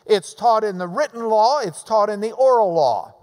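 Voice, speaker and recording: A man preaching a sermon, teaching slowly and emphatically and repeating his phrases for weight. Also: sits high, expressive, a little mellow, big-room sound.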